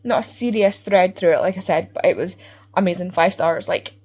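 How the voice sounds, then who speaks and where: Talking books in a loose, rambling vlog, this woman is chatty and animated, dropping lots of fillers along the way. She speaks a little fast in a fairly low register.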